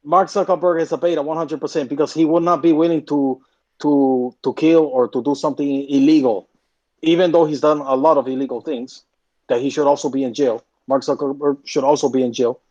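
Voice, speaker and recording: A man's voice: on the high side, steady tone, a little fast, darkish tone. A man co-hosting a casual podcast chat, blunt and repeating his points for emphasis. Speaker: podcast co-host. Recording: muffled podcast audio.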